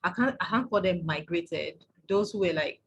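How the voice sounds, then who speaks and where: A woman's voice: on the low side, normal speed, a bit bright, highs cut off, a little hiss or hum. A woman hosting a book club chat. She talks casually and chattily and laughs easily. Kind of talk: casual conversation.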